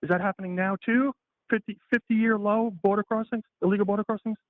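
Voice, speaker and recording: A combative male caller argues over a tinny phone line, his voice high and his delivery fast. He repeats himself and swears freely, and the line sounds dry and thin. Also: steady tone, no echo. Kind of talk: heated phone-in argument.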